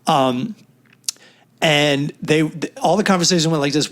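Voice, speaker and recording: Animated storytelling man, higher voice. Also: unhurried. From New York. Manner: animated storyteller, acts out quotes, swears freely. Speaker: podcast co-host. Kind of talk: casual chat.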